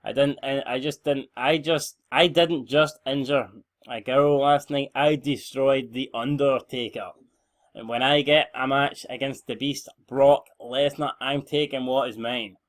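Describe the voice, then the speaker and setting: A man reading out a brooding male wrestler's promo in his own voice, low and drawn-out. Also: steady tone, close to an everyday voice. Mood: defiant.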